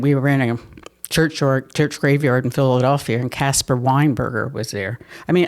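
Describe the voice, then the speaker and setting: Older woman telling stories. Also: rumbling low. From Pennsylvania. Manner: lively, laughs often, repeats words as she restarts. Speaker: mayor telling her life story. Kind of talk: conversational storytelling interview.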